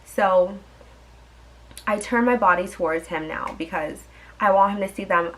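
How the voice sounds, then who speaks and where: A woman's voice: mid-range voice, moderate pace, a bit bright, rough recording. Young woman, storytime vlogger: chatty and exasperated, mid-range voice. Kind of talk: storytime vlog.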